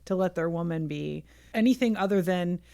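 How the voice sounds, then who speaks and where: A woman co-hosting a podcast, supportive and quick to agree. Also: on the low side, gravelly, warm tone. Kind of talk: casual podcast chat.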